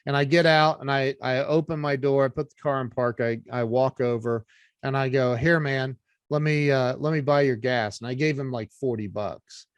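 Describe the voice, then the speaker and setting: An animated middle-aged man sharing a personal story as a podcast guest. His voice sits in an ordinary middle register and sounds dry and close, with no room around it. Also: medium pitch, moderate pace, clean tone, no echo. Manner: animated storyteller, earnest and faith-driven. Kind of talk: casual storytelling chat.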